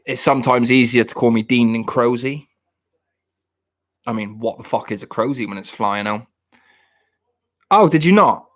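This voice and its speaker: A man from the of England talks loosely to his live-stream audience, joking and drifting from point to point. His voice sits at an ordinary middle pitch. He speaks in an easy, unscripted way. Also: moderate pace, long pauses, a bit bright. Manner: jokey, rambling, talks to chat viewers. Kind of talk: casual live-stream chat.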